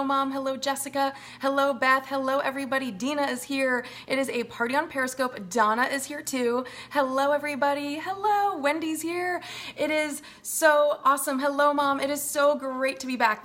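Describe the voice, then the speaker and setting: A woman's voice: a little high, a bit bright. A woman hosting a casual wellness livestream, effusive and bubbly, greeting viewers by name as she chats into her phone. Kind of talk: live-stream chat greeting viewers.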